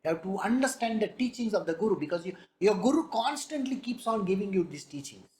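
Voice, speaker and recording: Female spiritual teacher, very animated pitch, roomy echo around her. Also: fast. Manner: lively, animated teaching with rhetorical questions. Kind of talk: spiritual discourse.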